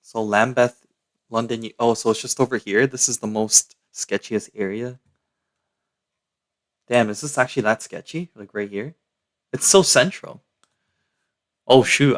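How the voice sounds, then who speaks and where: A man's voice: on the low side, moderate pace, pauses often, a bit bright. A young man from Canada, chatting casually and slangily to his live-stream chat.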